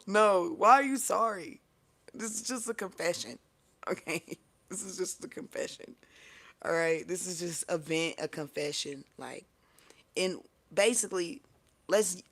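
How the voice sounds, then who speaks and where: A tarot reader with a gravelly, fry-heavy voice, telling a story loosely to the camera. The talk is profane and full of fillers like "you know what I'm saying". The pitch sits in the middle of the range. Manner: laughs often. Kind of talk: casual storytelling.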